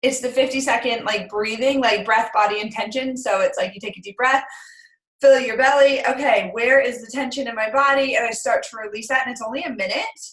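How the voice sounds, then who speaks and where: Chatty bright-voiced woman, echoey room. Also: a little high, fairly quick. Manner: chatty, animated storytelling with acted quotes. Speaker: group call member. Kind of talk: casual chat.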